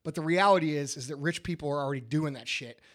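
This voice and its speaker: A man's voice: a little high, fast talker, a bit bright. A man, talking bluntly and emphatically on a podcast and swearing a lot. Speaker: podcast host, business owner. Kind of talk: casual podcast chat.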